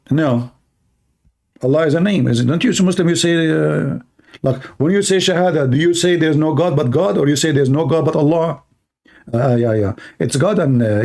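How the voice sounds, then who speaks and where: Gravelly-voiced sarcastic male host. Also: fairly high pitch, a little mellow. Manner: sarcastic, fires rhetorical questions. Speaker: online talk show host. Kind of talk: argumentative commentary.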